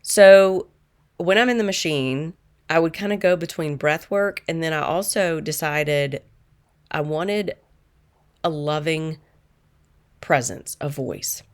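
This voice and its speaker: A middle-aged woman who works as a manifestation coach, telling a personal story in a calm, earnest and reflective way. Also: deep voice, slow, long pauses.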